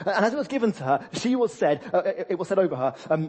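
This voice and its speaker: A man preaching a sermon, animated and laughing often, with frequent restarts and fillers. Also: high voice, fast, hardly any pauses.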